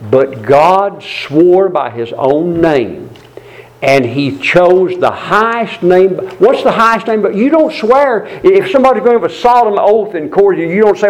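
A man's voice: sits high, rough recording. A man preaching a sermon, retelling a scripture story with emphatic repetition. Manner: emphatic, repeats phrases for stress, storytelling.

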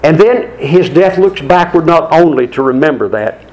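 Earnest preacher with a fairly high voice. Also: male voice, animated, darkish tone, poor audio. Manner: earnest, deliberate delivery with slow dramatic pauses. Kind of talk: sermon.

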